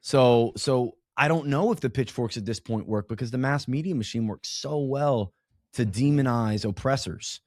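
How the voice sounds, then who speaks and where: A man chatting as a podcast guest, loose and animated, rambling through his points with restarts and slang. His voice sits at an ordinary middle pitch. The sound is dry and close, with no room echo. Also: moderate pace. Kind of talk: casual conversational interview.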